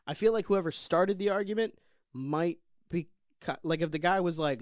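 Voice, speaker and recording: A man's voice: sits high, normal speed, no echo, studio quality. A young man co-hosting a casual comedy podcast, rambling and laughing as he talks. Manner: rambling, self-interrupting, laughs often. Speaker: podcast co-host.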